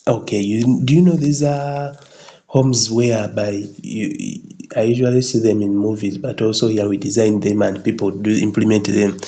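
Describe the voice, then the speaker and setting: A man's voice: on the low side, steady tone, moderate pace, mellow, low-quality recording. A male instructor explaining a building design tutorial, often checking with the listener and restarting phrases. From Kenya.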